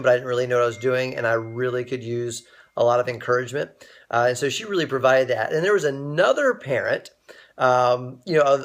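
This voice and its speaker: A man's voice: medium pitch, fairly bright tone. A young man hosting a casual inspirational livestream, telling a personal story and greeting viewers by name as they join. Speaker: livestream host.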